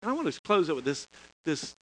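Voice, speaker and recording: A man's voice: on the high side, sing-song, a little fast, a little hiss or hum, low-quality recording. A middle-aged man preaching a storytelling sermon in a folksy way, chuckling and restarting phrases. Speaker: pastor.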